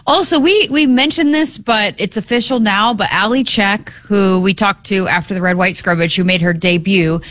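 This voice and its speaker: A woman's voice: medium pitch, moderate pace, few pauses, a bit bright, no echo. A woman co-hosting a sports talk show, chatty and easygoing, laughing between lines. Her voice sits in a middle range and is recorded dry and close. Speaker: radio sports show co-host.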